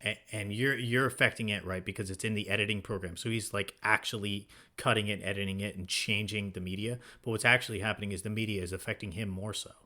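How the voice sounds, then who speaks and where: A man's voice: lowish voice, steady tone, quick pace, few pauses, pushed and bright. A man co-hosting a podcast, casually working through ideas about horror films and checking in with "right?". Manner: thinking aloud, many restarts and "right?" checks. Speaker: podcast co-host. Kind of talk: casual film discussion.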